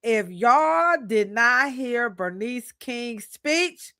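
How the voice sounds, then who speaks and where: A woman's voice: fairly high pitch, drawn-out words, smooth, dry recording, studio quality. A woman hosting a live podcast in a casual, playful way. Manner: lively, playful, breaks into song. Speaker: podcast host. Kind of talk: casual live-stream chat.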